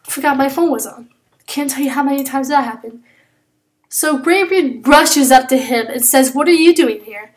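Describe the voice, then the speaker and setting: High-pitched girl rambling thru a story while drawing, lots of uh's and restarts. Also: normal speed. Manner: rambling, frequent fillers and self-corrections. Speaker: drawing channel creator.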